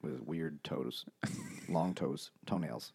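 A man's voice: rumbling low, slow pace, creaky, darkish tone, husky. A man co-hosting a podcast who keeps throwing in crude wisecracks during casual chat. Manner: wisecracking interjections. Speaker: podcast co-host.

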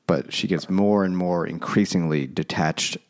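A man's voice: sits low, normal speed. A man co-hosting a book podcast, chatting loosely and swearing freely. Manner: laid-back, swears freely. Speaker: podcast co-host. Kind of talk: casual chat about a book.

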